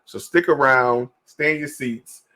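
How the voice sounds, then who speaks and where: A man in his forties hosting a casual interview show, excitable, laughing often and repeating his words. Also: medium pitch, a little slow. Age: 40s. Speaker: podcast host.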